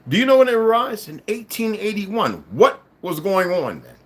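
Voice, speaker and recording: With big swings in pitch at a normal pace, a man on a livestream delivers a combative monologue to his audience. He goes from low mutters to loud, emphatic outbursts, with occasional laughter and repeated words.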